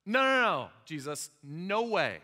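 A man's voice: sits high, sing-song, a little slow, sharp tone, long reverb tail, full character voice. A man voicing a bold, hot-headed male disciple who talks emphatically. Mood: protesting. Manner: emphatic, raising his voice.

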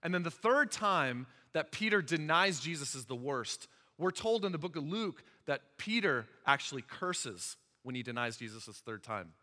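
A man preaching a sermon as pastor, animated and asking the listeners questions. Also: a little high, normal speed, few pauses. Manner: animated, asks the audience questions. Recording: long hall reverb.

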